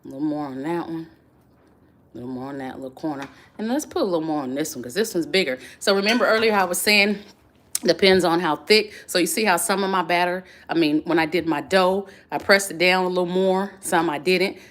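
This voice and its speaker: A woman hosting a home cooking video, chatting warmly with viewers and calling them y'all and baby. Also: lowish voice, fairly quick, a little hiss or hum. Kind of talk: casual cooking demonstration to viewers.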